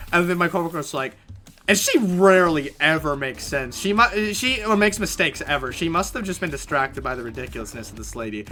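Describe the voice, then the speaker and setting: A man live-streaming a game, telling a story in a casual, animated way, swearing freely and restarting mid-sentence. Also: fairly high pitch, a little fast, faint music behind. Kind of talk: casual storytelling while gaming.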